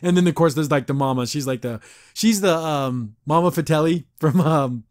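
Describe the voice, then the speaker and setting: Recorded cleanly in a studio without echo, this man's slightly high voice carries a chatty, gushing cartoon-episode recap for his podcast. Frequent laughs punctuate it, and he performs the characters in quick voices.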